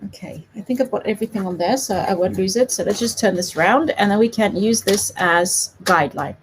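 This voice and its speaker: A woman's voice: medium pitch, a little fast, a little hiss or hum. A woman from South Africa with a light South African accent, giving a chatty, giggly live papercraft tutorial. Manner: chatty, giggly, self-deprecating. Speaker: papercraft demonstrator.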